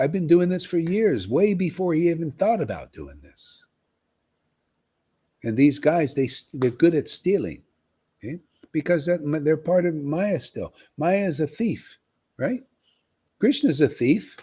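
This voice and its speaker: A man preaching on a livestream in an emphatic, animated way, often tossing in "man.". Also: a little high, breathy edge. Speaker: spiritual teacher.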